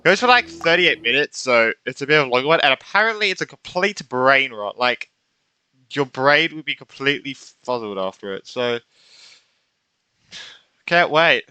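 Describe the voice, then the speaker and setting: A man streaming a game in casual chat, out of breath, reacting excitably and swearing. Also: medium pitch, moderate pace, clear, resonant tone, dry recording. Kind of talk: casual live-stream chat while gaming.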